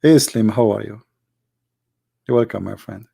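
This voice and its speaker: Creaky-voiced man hosting a livestream. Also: lowish voice, normal speed. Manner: animated storyteller in non-native broken English. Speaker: livestream host. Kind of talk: casual livestream chat.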